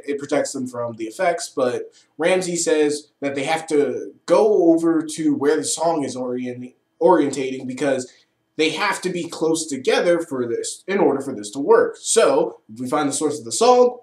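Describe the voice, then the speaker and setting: A man casually recapping and reviewing a show episode with enthusiasm, swearing and laughing often. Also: on the high side. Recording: echoey room.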